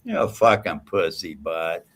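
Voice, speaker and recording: Gravelly trash-talking man on a livestream. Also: deep voice, big pitch swings, a little slow, fairly bright tone. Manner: profane, taunting, mocking. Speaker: livestream host. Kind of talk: heated livestream panel trash talk.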